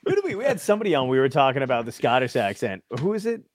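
American male podcast host, mid-pitched, playful, very expressive, dry close sound. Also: very fast, no echo. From United States. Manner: laughing, playful, lively, puts on voices in quotes. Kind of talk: casual chat.

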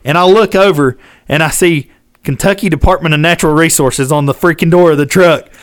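A man telling a hunting-trip story in casual podcast chat, animated and drawling, acting out quotes and laughing along. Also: on the high side, brisk, a little hiss or hum. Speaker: podcast co-host.

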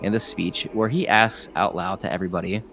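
A man's voice: low-pitched, fairly even intonation, brisk, creaky, a bit bright, a little hiss or hum. A man narrating a tabletop game as game master, casual and rambling with lots of fillers and swearing.

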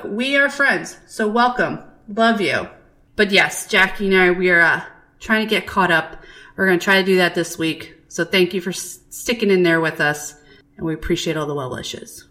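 A woman co-hosting a podcast, chatting casually and telling stories in an animated, profane way. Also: mid-range voice, normal speed. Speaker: podcast co-host. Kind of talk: casual chat.

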